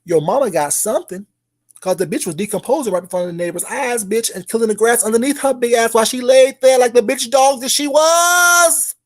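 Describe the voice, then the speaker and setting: Youtuber going off in a callout rant, cussing, taunting, yelling then muttering. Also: a little fast. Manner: loud, profane, taunting, swings between shouting and low mutters; keeps repeating the target's name mockingly. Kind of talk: ranting call-out vlog.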